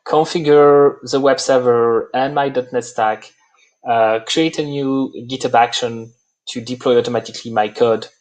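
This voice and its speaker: A man with a French accent, a native French speaker, walking through a live software demo and pausing often on "uh". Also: medium pitch, steady tone. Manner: halting, many "uh" fillers. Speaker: presenter.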